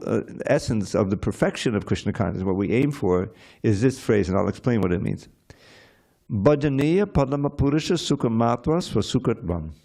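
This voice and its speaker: A man with a gravelly, low voice leads an informal scripture class at a temple. He talks in a loose, digressive way and drifts into side stories, chuckling softly now and then. His tone is dark and mellow. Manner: conversational and digressive, with soft chuckles.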